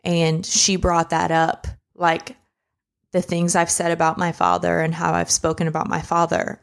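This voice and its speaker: A woman's voice: fairly low pitch, completely flat delivery, normal speed, gravelly. A young woman co-hosting a podcast, telling a personal story in a candid, emotional, conversational way. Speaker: podcast co-host. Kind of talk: casual chat.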